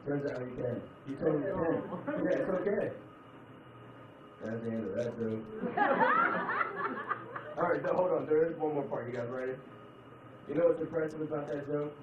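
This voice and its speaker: A man doing a stand-up comedy set, chatting with the audience and switching between loud put-on voices and low mutters. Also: wildly swooping pitch, normal speed, long pauses, background noise. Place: comedy club stage. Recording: echoey club, distant mic, dull sound, crowd laughter.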